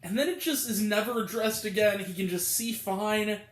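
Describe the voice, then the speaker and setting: A man's voice: high-pitched, normal speed, echoey room. A man giving a casual, exasperated spoken film review, rambling with lots of fillers. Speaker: movie reviewer.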